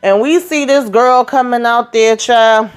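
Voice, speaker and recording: A woman hosting a casual reality TV recap, animated and sassy, acting out what the cast members said. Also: a little high, measured pace, clear, resonant tone.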